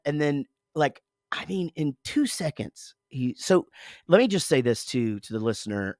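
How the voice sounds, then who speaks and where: A man's voice: medium pitch, normal speed, no room sound, clean studio sound. A man in his forties, co-hosting a casual podcast, telling a rambling, profane story about his morning with lots of self-interruptions. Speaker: podcast co-host, father.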